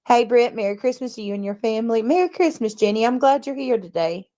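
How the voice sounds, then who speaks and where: A middle-aged woman hosting a casual livestream, chatting warmly with viewers, greeting them by name, often clearing her throat. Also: fairly high pitch, fast. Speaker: livestream host.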